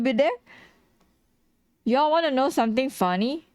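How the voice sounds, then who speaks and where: A woman's voice: fairly high pitch, lively intonation, moderate pace, pauses often, darkish tone, dry recording, studio quality. A tired woman streaming as she draws, chatting casually, laughing a lot, swearing and teasing herself. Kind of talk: casual chat while drawing on stream.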